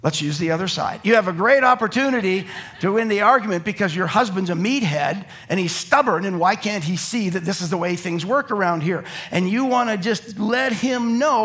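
Here the middle-aged pastor's voice is high and his pace normal as he preaches before a live congregation in church. He keeps it lively with jokes, performing quotes and little scenes like a storyteller.

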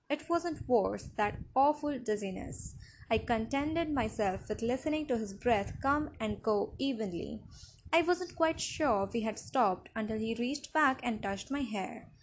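A woman narrating a novel in the first person, with expressive storytelling. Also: on the high side, a little hiss or hum.

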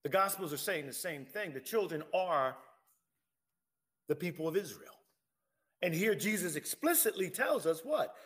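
A man's voice: sits high, expressive, unhurried, fairly bright tone. A man preaching a sermon, reading scripture aloud and pressing his point with emphatic rhetorical questions.

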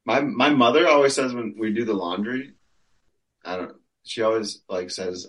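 A man co-hosts a laid-back podcast. His voice sits low, and he rambles into anecdotes, searching for words as he goes. The delivery is loose and conversational. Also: moderate pace, low-quality recording. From Michigan. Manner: rambling, laughing, storytelling. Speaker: podcast co-host. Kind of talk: casual podcast chat.

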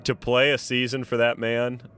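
A man, a former college baseball teammate, chatting casually and mostly answering with short, relaxed agreement. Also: mid-range voice, moderate pace, a little hiss or hum. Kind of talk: casual chat.

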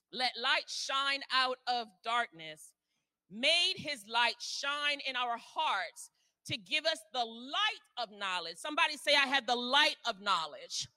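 A woman elder preaching a fervent sermon, reading scripture slowly and calling on listeners to repeat after her, at times rising to a shout. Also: sits high, no room sound. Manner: reads scripture slowly and deliberately. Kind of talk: sermon with call-and-response.

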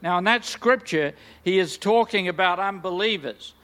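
A man's voice: sits high, moderate pace, bright, forceful tone. An older man preaching a sermon in a large church, enthusiastic and full of joking, self-deprecating asides. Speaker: guest preacher.

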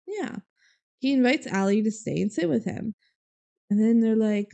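A woman's voice: on the high side, expressive, vocal fry, dark tone. Giggly young woman recapping a movie. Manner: fast, giggly retelling with mock quotes. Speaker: podcast co-host. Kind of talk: casual chat recapping a movie.

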